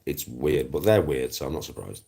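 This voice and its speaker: Deep raspy black country bloke, sweary rant on his channel, keeps repeating himself. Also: animated, moderate pace, dark tone. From Smethwick, England. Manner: sweary, blunt, repeats himself, laughs mid-sentence. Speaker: YouTube channel host. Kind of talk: casual rant to viewers.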